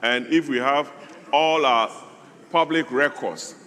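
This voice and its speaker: A man's voice: mid-range voice, slow, a bit bright, big-room sound. A man with a Ghanaian accent, a member of parliament giving a formal, emphatic debate speech in a large chamber. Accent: Ghanaian English.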